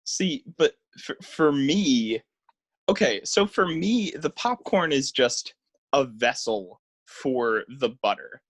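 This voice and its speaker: A young man co-hosts a casual podcast, rambling through his thoughts with frequent "like"s and false starts. His voice sits at an ordinary middle pitch, and the recording is dry and close. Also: lively intonation, slow, a bit bright, breathy edge, no room sound. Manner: rambling, hesitant with restarts and "like". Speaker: podcast co-host. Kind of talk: casual chat.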